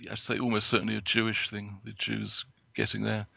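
Working from notes, the male guest stumbles along, breaking off and restarting lines amid plenty of fillers. His lowish, monotone voice sounds very gravelly and creaky yet bright and sharp. The mic is close, the sound dry with no echo.

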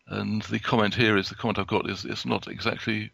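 A man giving a prepared talk from notes as a guest, halting, with many restarts and fillers. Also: lowish voice, little pitch movement, vocal fry, pushed and bright, no room sound. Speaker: guest speaker.

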